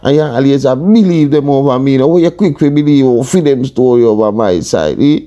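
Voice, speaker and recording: A man's voice: medium pitch, a little fast, mellow, highs cut off, pitched above the performer's own voice, natural voice. A man voicing a defiant, unruly young Jamaican man talking back to his father with a Jamaican accent. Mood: sulky defiant. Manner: sulky, muttering back, defiant.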